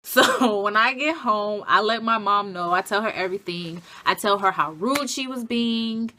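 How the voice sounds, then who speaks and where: A young woman telling a storytime vlog in an animated, profane, emphatic way. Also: mid-range voice, normal speed. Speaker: vlogger.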